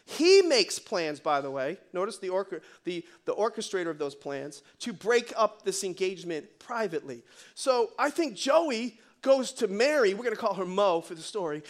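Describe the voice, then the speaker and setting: High-voiced, animated male preacher. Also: normal speed. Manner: animated, joking, conversational preaching. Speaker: pastor. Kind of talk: sermon.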